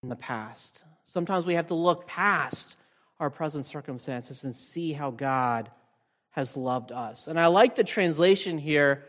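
A man preaching a conversational sermon as a pastor, relaxed and thinking aloud with fillers and restarts. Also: on the high side, unhurried. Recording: long reverb from a large hall.

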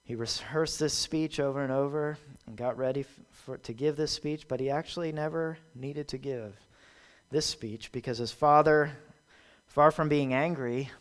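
A man's voice: medium pitch, fairly even intonation, moderate pace. Man preaching with emphatic repetition. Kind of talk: sermon.

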